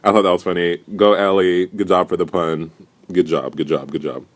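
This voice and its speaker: A young man recapping a reality show in a casual, profane, animated rant. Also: sits low, moderate pace. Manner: profane, animated, indignant storytelling.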